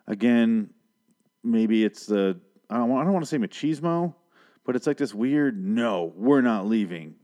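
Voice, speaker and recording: A man's voice: mid-range voice, normal speed, dark tone. A man hosting a casual talk show, rambling and swearing heavily as he recaps an episode and interrupts his own sentences. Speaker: podcast host recapping a TV episode. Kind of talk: casual profane chat.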